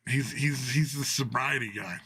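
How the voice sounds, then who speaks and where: Male host, casual joking chat, bright edge to the voice, dry sound. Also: mid-range voice, moderate pace, breathy edge, no room sound. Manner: laughing, joking, swears casually.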